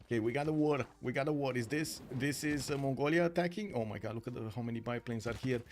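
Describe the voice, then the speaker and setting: Male streamer with a Romanian accent, live tournament caster, excitable, halting delivery, light background music. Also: mid-range voice. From Romania, Bucharest. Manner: excitable, many filler sounds and restarts. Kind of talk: live game commentary.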